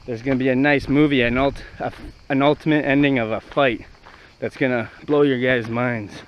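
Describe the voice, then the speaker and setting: A man's voice: mid-range voice, steady tone, moderate pace, dull audio, slight background noise. A young man from Canada vlogging casually outdoors at ancient ruins, rambling and swearing as he walks. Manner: brash, profane, rambling banter. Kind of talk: casual walking vlog.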